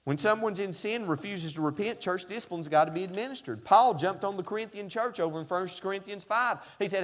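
High-voiced pastor preaching. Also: male voice, animated, fast, hardly any pauses, lo-fi sound. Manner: preaching, frequent call-and-response "amen?". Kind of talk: sermon.

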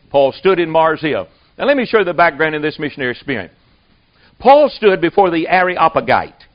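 A man preaching a sermon to a congregation, with a folksy storytelling manner. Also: on the high side. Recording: dull lo-fi recording.

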